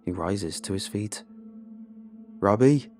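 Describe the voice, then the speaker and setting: Low-voiced man narrating a horror story. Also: a little mellow. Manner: measured, grim storytelling. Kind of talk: scripted first-person horror narration. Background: background music.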